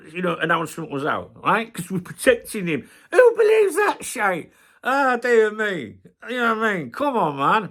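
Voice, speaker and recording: A man's voice: high-pitched, vocal fry, sharp tone. A middle-aged man hosting a football channel, ranting passionately and swearing heavily in a casual video.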